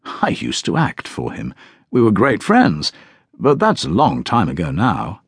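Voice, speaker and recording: A quiet old gentleman solicitor who pronounces on things with calm, dogmatic certainty, as a male audiobook reader puts him on. His voice sits very low, with a lively rise and fall. The sound is dry and close. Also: a little slow, slightly rough, no room sound, heavily acted. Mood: reminiscent. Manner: quiet, assured, relishing.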